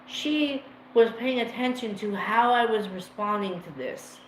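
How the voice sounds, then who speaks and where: A man's voice: high voice, measured pace, fairly bright tone. Rambling emotional man in an echoey room. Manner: rambling, emotional, swears freely. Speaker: livestream host. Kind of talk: casual storytelling to a live chat. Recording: roomy echo with faint ambient noise.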